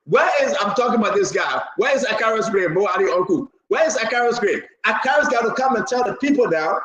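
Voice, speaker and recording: Man, talk show host, high voice, rambling and animated, echoey room. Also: quick pace. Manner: rambling, repetitive, animated, bursts into shouting. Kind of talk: live call-in political talk show.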